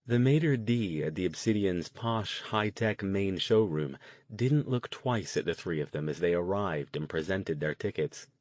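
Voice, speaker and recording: An audiobook narrator with a low-pitched voice reads a novel in a measured, even storytelling style. It's scripted narration, recorded with no room sound.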